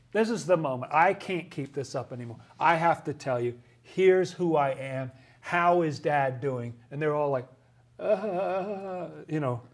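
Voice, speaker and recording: A man giving casual Bible commentary, animated and acting out the characters in the story. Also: fairly high pitch. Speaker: Bible study host.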